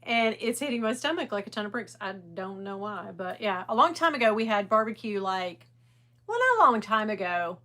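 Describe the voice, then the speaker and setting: A woman's voice: medium pitch, normal speed. A middle-aged woman hosting a casual livestream, chatting in a rambling way and greeting viewers by name. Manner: animated. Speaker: livestream host.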